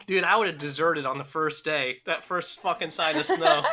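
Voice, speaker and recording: A man's voice: on the high side, big pitch swings, moderate pace, sharp tone. A man co-hosting a podcast, rambling through crude jokes with lots of swearing. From United States. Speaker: podcast co-host. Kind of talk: casual comedic chat.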